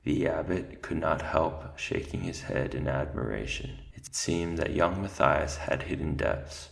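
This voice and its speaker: Very deep gravelly male storyteller. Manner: measured, storytelling cadence. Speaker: reader. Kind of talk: audiobook narration.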